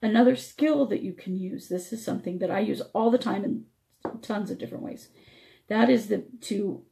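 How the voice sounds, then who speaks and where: A woman's voice: medium pitch, moderate pace, creaky, dark tone. A woman radio host teaching spiritual energy techniques, explaining step by step while her voice struggles.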